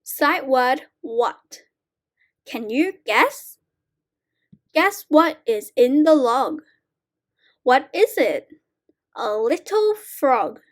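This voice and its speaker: A woman slowly reading short sight word poems aloud for young learners, clear and deliberate. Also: high voice, sing-song. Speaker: reading teacher.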